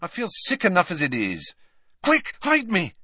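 A man's voice: lowish voice, very animated, a little fast, sharp tone, no room sound, studio quality, full character voice. A man voicing a fretful, blunt teenage boy in an audiobook. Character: nervous, gangly teenage boy student.

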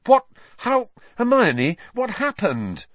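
A bewildered teenage wizard boy, as a man voices him raises his pitch and fires off confused questions. The sound is dry and slightly muffled. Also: huge pitch swings, slow pace, no echo, exaggerated voice.

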